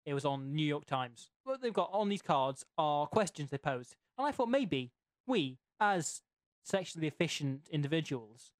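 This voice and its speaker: A man's voice: fairly high pitch, lively intonation, normal speed, no room sound. A man hosting a casual podcast chat, rambling and rewording himself as he goes. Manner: rambling, keeps rewording himself mid-sentence. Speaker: podcast host.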